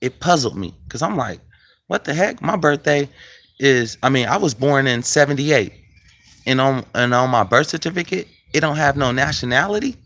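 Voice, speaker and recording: A man's voice: medium pitch, expressive, moderate pace, a bit bright, rough recording. A man, talking loosely and conversationally to his viewers as a video host. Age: 40s. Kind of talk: casual talk to viewers.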